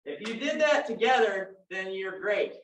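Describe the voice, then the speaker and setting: A man's voice: high-pitched, animated, measured pace, fairly bright tone, slight background noise. A man with a Texan accent teaching a live dance class, joking and telling folksy stories as he instructs. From Texas. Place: dance studio. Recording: roomy, distant, dull sound.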